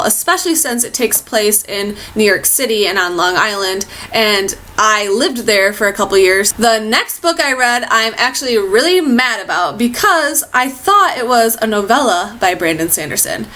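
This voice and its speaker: A woman reviewing books in a casual, chatty way, gushing and animated as she talks. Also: medium pitch, a little hiss or hum. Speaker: book reviewer. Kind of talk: casual book review chat.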